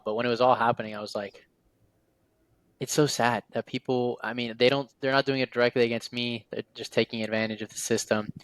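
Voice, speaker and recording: A man with a middle-pitched voice tells a long personal story in a relaxed podcast chat. He fills his sentences with "like" and acts out what people said. The sound is dry and close. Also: no room sound. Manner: storytelling with many "like" fillers and quoted dialogue. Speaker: series guest. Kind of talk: casual podcast conversation.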